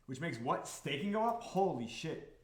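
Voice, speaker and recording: Animated, profane man hosting a live stream. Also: on the high side, normal speed, roomy sound. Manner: animated, profane, repeats himself, keeps asking the audience if they follow. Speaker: crypto project founder hosting a live stream. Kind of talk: casual live-stream talk to chat.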